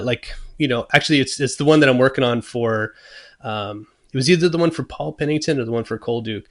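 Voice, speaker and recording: A guitar-making guest in casual interview conversation, telling a story with lots of fillers and restarts, acting out his own thoughts. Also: mid-range voice. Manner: animated, acts out his own thoughts and quotes. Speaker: guest luthier.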